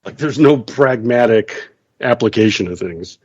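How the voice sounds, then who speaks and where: Sarcastic man, lively, husky voice. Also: medium pitch, unhurried, no echo, lo-fi sound. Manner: sarcastic, laughing often, mocking voices. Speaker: radio talk show host. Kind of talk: casual chat.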